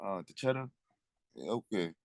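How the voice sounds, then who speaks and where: A man's voice: low voice, very animated, normal speed, creaky, darkish tone, dry recording. Laid-back swearing male comedian. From Africa. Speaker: guest comedian. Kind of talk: casual chat.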